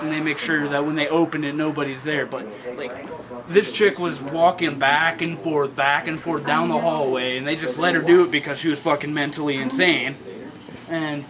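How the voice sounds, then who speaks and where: A man telling a comic story with lots of swearing, dropping to mutters and then jumping into loud yelps, laughing as he goes. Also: fairly high pitch. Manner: profane, animated, swings between mutters and yelps.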